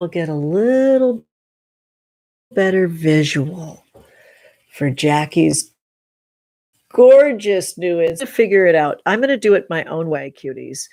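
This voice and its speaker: A woman with a lowish voice hosts a casual tarot livestream from home. She talks very slowly and effusively. The sound is dry and close. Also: darkish tone, no echo. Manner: effusive, slow and drawn-out, affectionate terms for viewers. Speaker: tarot reader and channel host.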